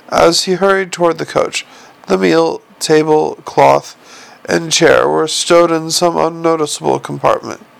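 Gravelly male audiobook narrator. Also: fairly high pitch.

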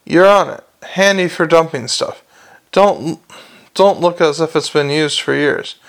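A man's voice: fairly high pitch, unhurried. A man reading aloud and voicing a tiny, fierce, mercenary male gnome. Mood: blunt.

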